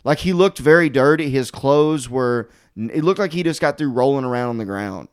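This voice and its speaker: A man hosting a podcast, telling a story in casual chat, animated and swearing, full of "like" fillers as he acts out what people said. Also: mid-range voice, moderate pace, clear, resonant tone.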